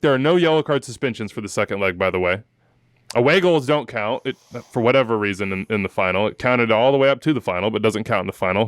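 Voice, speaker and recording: A man's voice: medium pitch, clear, resonant tone, no echo, clean studio sound. A man hosting a soccer podcast, telling stories with emotion and joking asides while leading the chat. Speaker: podcast host.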